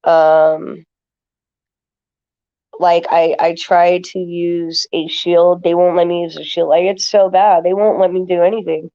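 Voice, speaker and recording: A woman with a low, dark voice talks casually to her viewers, rambling and stacking fillers. The sound is dull and lo-fi. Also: little pitch movement, unhurried. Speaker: livestreamer answering chat.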